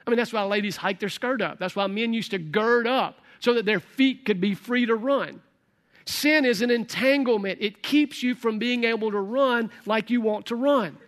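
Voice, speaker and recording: High-voiced preacher, folksy. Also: male voice, moderate pace. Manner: conversational preaching, folksy asides. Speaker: pastor. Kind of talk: sermon.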